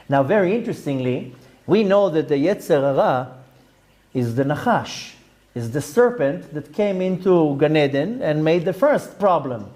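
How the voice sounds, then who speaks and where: A man's voice: a little high, darkish tone. A man, a rabbi giving a Torah lecture to a class, explaining step by step with terms and side notes. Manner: explanatory, with Hebrew terms and frequent asides.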